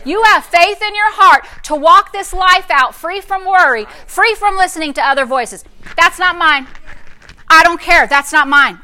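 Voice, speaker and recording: A woman pastor preaching a lively sermon, repeating declarations aloud and directing a live demonstration in a church. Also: high-pitched. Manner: animated, calls out and repeats declarations.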